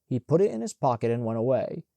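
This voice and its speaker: Male audiobook narrator, measured reading, mellow dark voice, dry close mic. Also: medium pitch, big pitch swings, gravelly, no room sound.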